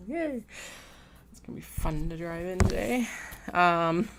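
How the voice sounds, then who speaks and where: A woman's voice: on the low side, measured pace, background noise. A young adult woman with a Western Canadian accent, chatting casually on a sewing livestream in a rambling way, with lots of fillers and uptalk.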